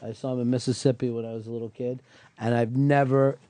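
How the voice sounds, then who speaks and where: A man on a radio talk show telling a childhood anecdote with animated, profane delivery. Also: mid-range voice, quick pace, no echo. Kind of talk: casual anecdote.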